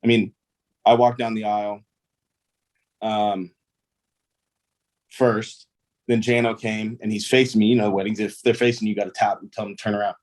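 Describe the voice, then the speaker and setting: A man's voice: on the low side, level tone, moderate pace, pauses often, darkish tone. A young man, a pro ballplayer, telling stories in a casual interview, easygoing and rambling with lots of fillers. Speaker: guest, pro baseball player.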